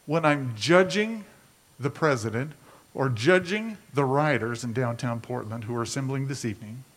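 A man's voice: medium pitch, moderate pace, a bit bright. A man preaching a sermon as a pastor, talking conversationally and asking his listeners rhetorical questions.

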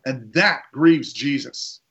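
A man preaching a sermon, retelling a story and slowing down to stress key lines. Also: mid-range voice, a bit bright, lo-fi sound. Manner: retells a story with quoted voices, slows for emphasis.

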